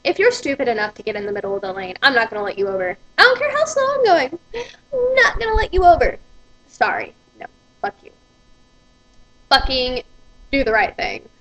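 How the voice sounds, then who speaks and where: A woman's voice: sits high, wildly swooping pitch, brisk, long pauses, sharp tone, rough recording. A woman, ranting profanely and with exasperation in a vlog. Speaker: vlogger.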